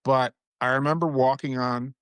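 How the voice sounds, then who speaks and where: A man, a sitcom writer and producer, telling lively, laughing anecdotes in a casual interview. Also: medium pitch, moderate pace, smooth, no room sound, studio quality.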